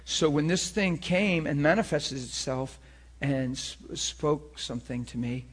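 A man preaching a sermon to a class, talking in an animated, conversational way. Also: a little high, a little slow.

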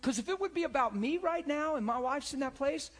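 A middle-aged male pastor preaching a sermon, swinging from loud calls to hushed, near-whispered lines. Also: very high voice, expressive, a little fast.

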